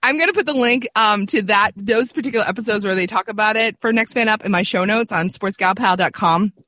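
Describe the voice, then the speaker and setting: A woman hosting a podcast in casual chat, an animated, chatty storyteller. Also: mid-range voice, brisk, no room sound. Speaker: podcast host.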